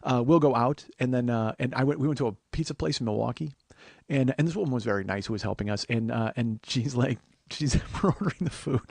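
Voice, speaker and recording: A man's voice: mid-range voice, quick pace, creaky, a little mellow, dry recording. A man hosting a comedy podcast, rambling in casual chat, making fun of himself and slipping into silly voices. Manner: rambling, self-mocking, slips into silly voices. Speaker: podcast host. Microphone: close studio mic.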